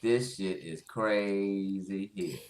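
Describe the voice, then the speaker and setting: A man's voice: deep voice, takes it slowly, darkish tone, echoey room, a little hiss or hum. A man giving blunt, profane commentary on a livestream, laughing often as he goes.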